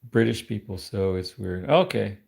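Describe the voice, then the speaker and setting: A man's voice: on the low side, normal speed, vocal fry, darkish tone. A man from New York rambling in casual chat with viewers on his live stream, often laughing at himself.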